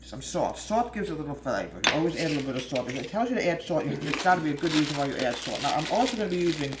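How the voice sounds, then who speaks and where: A woman's voice: sits low, big pitch swings, rapid-fire. A woman hosting a home baking video, chatting in a homespun way, calling her viewers folks and drifting into small talk as she works. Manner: chatty and homespun, often calls the viewers "folks" and wanders off topic. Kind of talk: casual cooking demonstration. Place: home kitchen. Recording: echoey kitchen with background noise.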